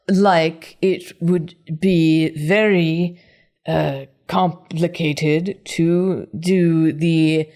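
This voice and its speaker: A woman's voice: deep voice, darkish tone. A woman voicing a nervous, guilty female suspect who stammers and dodges questions in an improvised tabletop role-play. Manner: halting, stammering, evasive.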